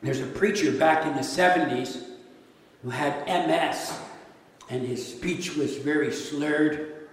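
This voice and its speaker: A man's voice: a little high, takes it slowly. A man preaching a sermon as a pastor, talking conversationally and asking his listeners rhetorical questions. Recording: echoey hall, mic at a distance.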